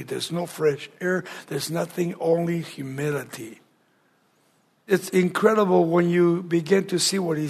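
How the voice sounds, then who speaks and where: A man preaching a sermon to a congregation, asking rhetorical questions and dropping to a hushed near-whisper for emphasis. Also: a little high, creaky, husky. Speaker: pastor.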